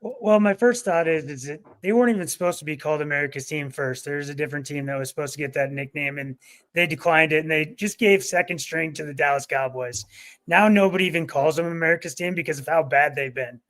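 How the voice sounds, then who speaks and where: A man's voice: on the high side, quick pace, fairly bright tone. A man on a sports debate panel, contrarian and matter-of-fact. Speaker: podcast panelist.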